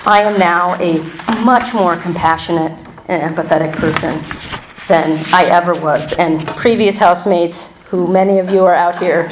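A woman shares a personal testimony before a church gathering. She talks in a loose, candid way, with frequent fillers and restarts, a slightly low voice and a roomy, echoing sound. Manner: candid and conversational, many fillers and self-corrections, wry asides. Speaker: church member giving a testimony. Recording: roomy hall echo.

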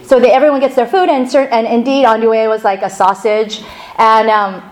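Middle-aged woman preacher with a somewhat high voice, telling a casual, animated story from the pulpit. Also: fairly quick, low-quality recording. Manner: chatty, animated storytelling with laughs. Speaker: pastor. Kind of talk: sermon opening with a personal story.

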